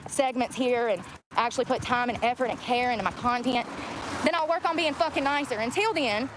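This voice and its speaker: A woman's voice: a little high, fairly quick. A young woman vlogging outdoors, venting at viewers in a blunt, profane rant. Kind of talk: venting to the camera. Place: outdoors by a road. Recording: clear outdoor traffic noise.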